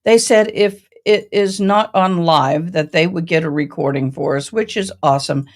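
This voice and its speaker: A woman's voice: fairly low pitch, normal speed. A woman in her forties with a Southern accent from Tennessee and Texas, hosting a casual live stream and chatting with viewers by name in a folksy way. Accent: mixed East Tennessee and Texas Southern. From Tennessee, raised in Texas. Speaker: livestream host.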